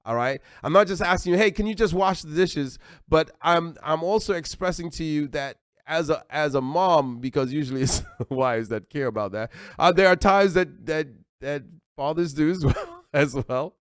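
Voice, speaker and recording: A man with an American accent preaching a sermon as pastor, animated and acting out little everyday dialogues. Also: on the high side, normal speed, clean tone, no room sound, studio quality.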